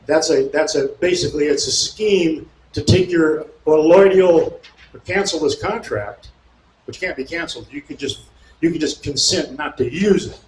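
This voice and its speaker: A man with a slightly high voice reads passages aloud and then argues over them, getting indignant and mocking as he goes. He sounds like he's in a roomy, echoing space with faint noise in the background. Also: moderate pace. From California. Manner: fired-up and indignant, rising to shouts; mocking asides. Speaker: speaker at a local meeting. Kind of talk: talk to an audience, reading aloud and explaining.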